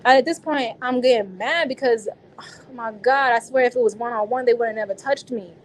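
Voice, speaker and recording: A woman's voice: fairly high pitch, normal speed, a little hiss or hum, poor audio. A woman being interviewed, recounting a personal experience in casual, slangy speech with frequent restarts.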